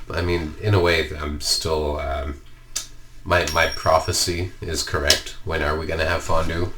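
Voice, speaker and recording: A man's voice: very deep voice, pushed and bright. A man co-hosting a podcast, telling a rambling story with lots of swearing and fillers. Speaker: podcast co-host. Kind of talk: casual chat, storytelling.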